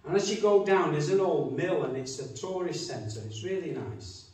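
Lively pastor, echoing hall. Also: male voice, a little high, moderate pace. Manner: chatty anecdotes with acted-out quotes. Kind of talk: storytelling sermon. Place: church hall. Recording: echoey church hall from far off.

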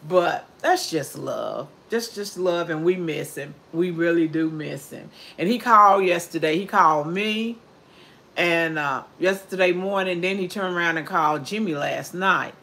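A woman's voice: lowish voice, unhurried, creaky, fairly bright tone. Chatty older woman livestreaming. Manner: chatty, heartfelt, reads out viewer comments. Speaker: cooking livestreamer. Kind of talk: casual chat.

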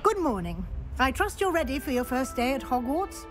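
An actress playing a brisk, practical professor who gives firm instructions to a new student. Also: female voice, sits high, big pitch swings, faint music behind. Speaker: game character.

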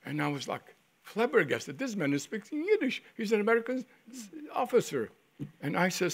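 An older man tells his own story as a survivor in a gravelly, husky voice that sits a little high for a man. He speaks haltingly, restarting and repeating words as he recalls events. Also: very animated. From Poland. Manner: vivid storytelling that acts out the voices of people he quotes. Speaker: Holocaust survivor giving testimony. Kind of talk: first-person testimony.

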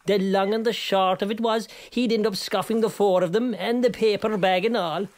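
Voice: medium pitch, fairly even intonation, moderate pace, lightly acted. A performer voicing a boastful fisherman who rambles through tall tales. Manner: rambling yarn-spinning, bursts into song. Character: boastful Kerry fisherman, tall-tale teller.

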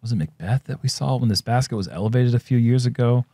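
A man doing casual sports commentary, easygoing and quick to laugh as he banters with his co-host. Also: medium pitch, warm tone, dry recording. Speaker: disc golf commentator.

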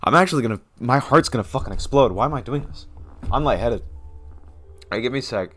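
A young man talking through a game on stream, his pitch bouncing all over as he reacts. He mumbles his asides, then breaks into yelps and laughter, at a middling pitch. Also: animated, fast, fairly bright tone, slightly rough, faint music behind. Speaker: gaming streamer. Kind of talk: casual let's-play commentary.

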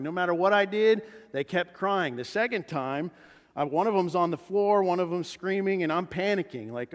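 A man preaching a sermon as pastor, animated and acting out the voices he quotes. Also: high-pitched, normal speed. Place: church sanctuary. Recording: church hall reverb.

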